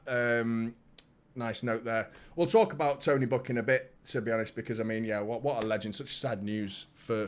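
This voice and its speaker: A man hosts a live football watchalong in excitable, chatty talk, greeting viewers by name and often repeating himself. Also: mid-range voice. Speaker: fan channel host.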